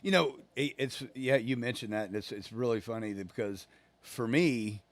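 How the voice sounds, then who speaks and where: A man's voice: mid-range voice, normal speed, no room sound. A man, a guest on a podcast, speaking reflectively and asking questions back in casual conversation.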